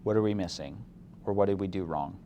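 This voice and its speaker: A man with a lower voice delivers a classroom chemistry lecture. He explains step by step and often stops to quiz his students. A faint background hiss sits under the recording. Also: a little fast, mellow, dull audio. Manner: asks the class questions, mildly opinionated. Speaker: chemistry instructor.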